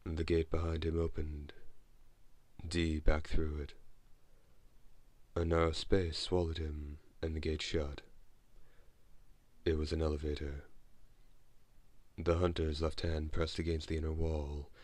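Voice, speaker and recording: A man reading an audiobook as narrator, in a measured, steady way. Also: rumbling low, dry recording. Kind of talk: scripted narration.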